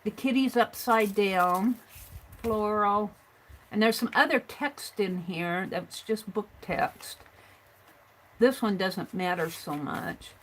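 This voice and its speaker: Over rough audio, a middle-aged woman speaks slowly at a medium pitch while crafting on a livestream. She chats casually, rambling as she shows her work and reads viewer comments.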